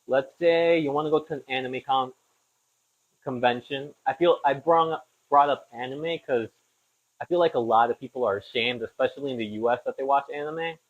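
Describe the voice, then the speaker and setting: In a home kitchen, a young man cooks and hosts his podcast, his talk loose, rambling, and self-mocking. His voice is mid-range and moderately paced. The recording is lo-fi and a bit dull.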